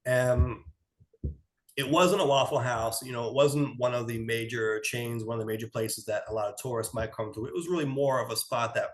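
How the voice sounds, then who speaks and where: A man's voice: medium pitch, normal speed, low-quality recording. A man with a New York accent, co-hosting a podcast and casually telling a road trip story with frequent laughs. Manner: relaxed, anecdotal, laughs often. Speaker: podcast co-host.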